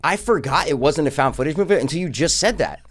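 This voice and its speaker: A man's voice: a little high, lively intonation, fast talker. A man co-hosting a podcast, ranting casually and profanely about a horror film, with mocking impressions of the characters. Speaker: podcast co-host. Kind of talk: casual film review rant.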